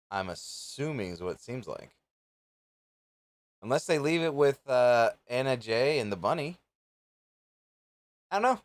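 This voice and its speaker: A man hosting a live reaction stream, chatting casually and thinking out loud with offhand, rambling asides. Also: on the low side, no echo. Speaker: live reaction show host.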